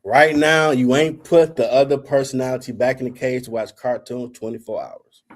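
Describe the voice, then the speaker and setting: Guy hosting a chat show, telling a story loud and lively, does all the voices, cusses a lot, mid pitch. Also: normal speed. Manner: animated, acts out quoted dialogue, swears freely. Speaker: podcast host.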